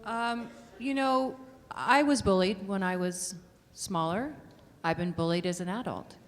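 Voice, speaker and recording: A woman's voice: mid-range voice, a little slow, a little hiss or hum. A woman on a convention panel giving earnest, encouraging advice, recorded in a reverberant hall. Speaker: voice actress on a panel. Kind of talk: panel answer.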